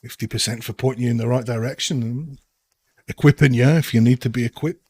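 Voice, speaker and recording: A man voicing a jovial, well-liked male townsman who bargains hard for profit, by turns booming and conspiratorial. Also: steady tone, fast, a little mellow, slightly rough, dry recording, natural voice. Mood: bargaining. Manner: boisterous, then leaning in to bargain.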